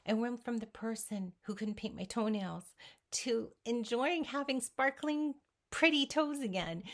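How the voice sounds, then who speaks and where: A woman vlogger giving an earnest, emphatic motivational talk straight to the viewer. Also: medium pitch. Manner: speaks directly to the viewer. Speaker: weight-loss vlogger.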